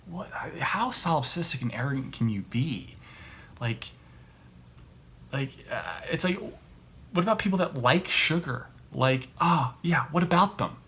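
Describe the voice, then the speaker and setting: Rambling, halting man ranting. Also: mid-range voice, lively intonation, creaky, a bit bright. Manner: rambling, halting, many restarts, indignant. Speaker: podcast host. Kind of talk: casual comedic rant.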